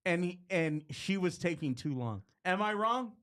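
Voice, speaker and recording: A man's voice: high voice, expressive, moderate pace, fairly bright tone. A man co-hosting a podcast, teasing his co-host in casual chat. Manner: teasing, interjecting.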